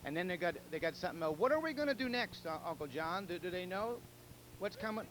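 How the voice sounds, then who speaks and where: A man's voice: high-pitched, animated, quick pace, fairly bright tone, poor audio. Rambling, chuckling telethon host man. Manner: rambling, chuckling, repeats himself. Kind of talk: casual joke-telling and fundraising appeal.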